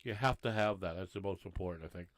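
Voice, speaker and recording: A man with a deep voice talks fast as co-host of a casual podcast, rambling in an easygoing, bar-talk style of chat.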